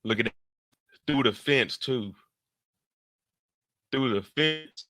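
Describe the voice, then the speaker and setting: Guy reacting live to a show, super bright edgy voice, slangy and animated, jumps into loud high bursts. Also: slow, no echo. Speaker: live stream host reacting to a TV episode. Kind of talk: casual live reaction commentary.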